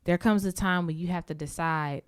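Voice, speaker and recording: Woman host, kinda low voice, earnest reflective chat. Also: steady tone, moderate pace, clean tone. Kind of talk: casual conversation.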